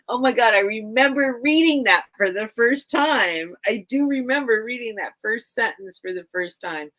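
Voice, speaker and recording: A woman's voice: fairly high pitch, expressive, moderate pace, hardly any pauses, fairly bright tone, low-quality recording. A woman hosting a live vintage sale stream, chatting casually with viewers and her cat and getting easily sidetracked. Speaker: live sale host selling vintage items.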